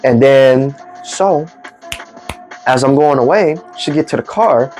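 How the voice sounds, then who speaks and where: A man telling a comic story in animated, slangy speech and acting out the people in it. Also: medium pitch, slow pace, faint music behind. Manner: animated, slangy, acts out the voices. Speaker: vlogger.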